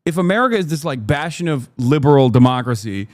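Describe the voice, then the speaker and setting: Reacting to a debate clip on a livestream, a man gives casual commentary that is sarcastic and heated, with frequent swearing and laughter. He talks fast in an expressive, medium-pitched voice that is a little mellow, and there's no echo.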